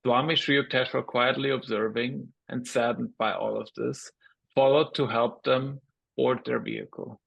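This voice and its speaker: Gravelly, flat-voiced man. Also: medium pitch, normal speed, dry recording, lo-fi sound. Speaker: reader and guest. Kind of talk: reading aloud and casual chat.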